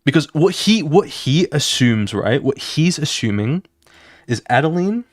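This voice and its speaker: Excitable young man narrating his comic. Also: a little high, unhurried, no echo, studio quality. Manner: excitable, swears often, acts out scenes with sound effects. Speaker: streamer. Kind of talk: casual live-stream chat while drawing.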